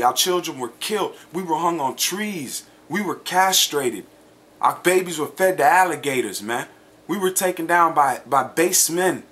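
A man preaching a sermon and reading scripture aloud, emphatic, often checking in with "okay?" and "man", slowing down to stress words. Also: fairly high pitch, a bit bright.

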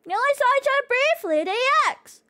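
High-voiced bubbly woman streamer. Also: sing-song, fast, sharp tone, no room sound, studio quality. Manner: bubbly, chatty, swears casually, rambles. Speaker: VTuber streamer. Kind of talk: casual livestream chat with viewers.

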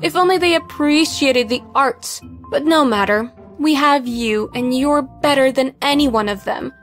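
A woman's voice: sits high, unhurried, soft background music. A woman voicing a cold, condescending supermodel mother. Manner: dismissive, condescending. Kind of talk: animated story voice acting.

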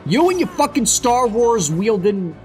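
Let's play co-host, lively swings, stammers and swears, game music under him. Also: male voice, very high-pitched, unhurried. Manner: excitable, swears, stammers and repeats words. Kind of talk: casual gameplay commentary.

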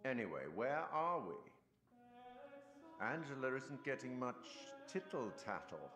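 A man voicing a measured, wry, ominous game narrator. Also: mid-range voice, big pitch swings. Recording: roomy long reverb, music behind.

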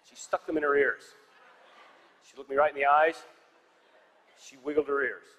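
A man's voice: fairly high pitch, level tone, moderate pace, fairly bright tone. A man doing a stand-up comedy set on a theater stage, telling stories with dry, punchy one-liners. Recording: live hall reverb with audience noise.

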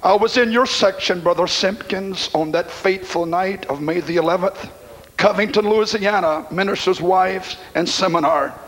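A middle-aged man preaching a sermon to a congregation, impassioned, dropping to a hush and then rising to shouts. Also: sits high, moderate pace, rough recording. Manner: impassioned, swings from hushed to shouting. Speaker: pastor. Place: church congregation.

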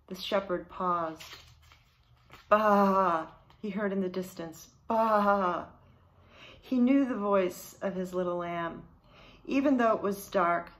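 A woman teaching in a children's ministry, reading a Bible storybook aloud to children in a slow, clear read-aloud manner. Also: lowish voice.

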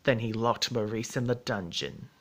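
A man narrating a storybook in a measured, steady reading voice. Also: fairly low pitch.

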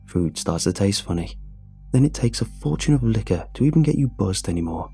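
A man voicing a bitter, self-pitying drunk with a graying beard, sobbing and low-voiced in a storybook reading. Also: lively intonation, brisk, dark tone, husky, faint music behind, heavily acted. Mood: mournful.

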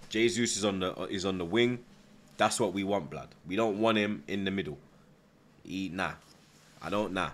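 A man's voice: fairly low pitch, fairly bright tone. A young man, chatting casually on a live football stream, reading out viewer comments, nervous but hyped. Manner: slangy, repeats himself, reads out chat, nervous yet hyped.

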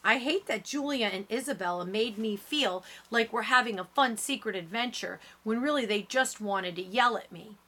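A woman reading a first-person audiobook in steady, lower-key narration. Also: normal speed, hardly any pauses.

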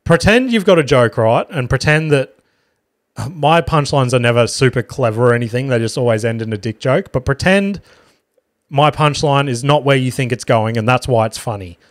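A man's voice: mid-range voice, moderate pace, dry recording, clean studio sound. An Australian man, a podcast host and comedian, telling a rambling story in casual talk, swearing freely and correcting himself as he goes.

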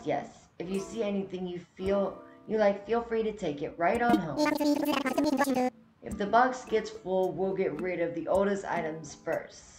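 A woman reading out a chatty male raccoon shopkeeper who tags his lines with "yes, yes?", in a roomy space with loud game music. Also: mid-range voice, natural voice. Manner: formal sales talk with "yes, yes?" tag. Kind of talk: reading game dialogue aloud.

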